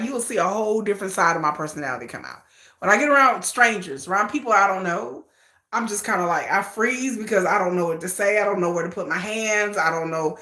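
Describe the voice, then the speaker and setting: A woman's voice: mid-range voice, bright, forceful tone, reverberant. A woman hosting a casual livestream, gushing and laughing as she acts out quotes. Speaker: livestream host.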